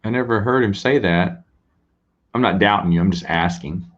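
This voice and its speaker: A man's voice: sits low, moderate pace, highs cut off. A man hosting a casual late-night live stream, chatting with viewers in a rambling, self-deprecating way and laughing often. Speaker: host answering viewers' questions.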